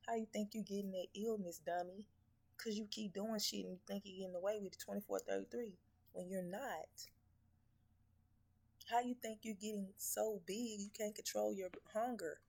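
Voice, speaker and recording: A woman spiritual reader delivers a blunt, profane, scolding preaching message to viewers, packed with rhetorical questions. Her mid-range voice is creaky with a darkish tone.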